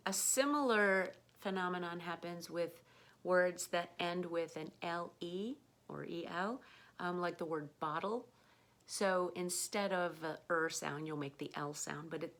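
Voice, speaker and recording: An American woman giving an online pronunciation lesson, speaking slowly and patiently, repeating words for learners to copy. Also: lowish voice, fairly bright tone. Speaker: English pronunciation teacher.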